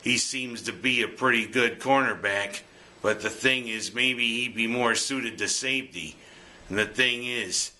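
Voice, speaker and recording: A man's voice: mid-range voice, pushed and bright. A man giving jokey, punning scripted sports commentary as host. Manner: jokey, punning, breaks into goofy singing.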